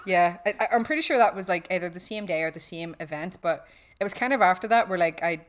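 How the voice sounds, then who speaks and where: A woman with a Northern Irish accent, telling swearing, lively stories in a casual podcast chat. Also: on the low side, fast, over a noisy crowd. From West Belfast, Northern Ireland. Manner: swearing storyteller, acts out quotes. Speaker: guest.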